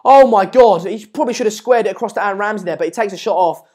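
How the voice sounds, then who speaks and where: A man's voice: sits high, very fast, darkish tone, slightly rough. A man hosting a casual live football watchalong, rambling and chatty with many fillers, often urging viewers to subscribe. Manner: repeatedly urges viewers to subscribe. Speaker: live-stream host.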